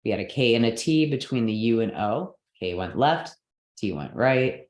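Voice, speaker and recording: A woman's voice: a bass voice, expressive, moderate pace, a little mellow, roomy sound. A woman teaching a group how to pronounce and stress Sanskrit words, patient and explanatory, often checking in with "okay" and "right?". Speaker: yoga and mantra teacher.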